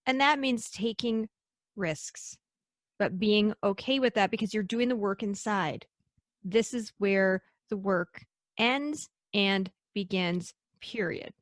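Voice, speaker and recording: A woman's voice: medium pitch, takes it slowly, dry recording, clean studio sound. A woman speaking as a guest in an interview, emphatic and repeating her key phrases for force. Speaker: podcast guest. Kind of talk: conversational interview.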